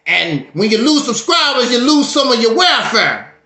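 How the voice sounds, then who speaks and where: A man's voice: very high voice, sing-song, moderate pace, sharp tone, exaggerated voice. A man voicing a dismissive male welfare office worker who scolds bluntly and mockingly. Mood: scolding. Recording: echoey room.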